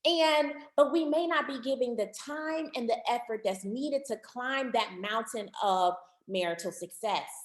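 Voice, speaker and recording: A woman marriage counselor giving an online workshop talk, animated and repeating words for emphasis, calling her listeners family. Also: on the high side, measured pace, hardly any pauses, reverberant.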